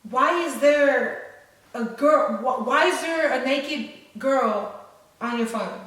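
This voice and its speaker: A young woman doing an enraged, cussing mother who shrieks high and loud at her teen. The voice rings around an echoey room, picked up from a distance. The delivery is shrill and fast. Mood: furious yelling. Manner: screaming, cussing.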